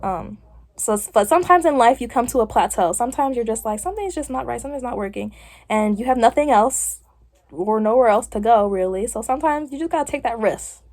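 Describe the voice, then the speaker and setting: Fairly high and a little mellow, this young woman's voice moves briskly and sounds animated. She's having her hair done on camera for a casual vlog, chatting and rambling with plenty of fillers along the way.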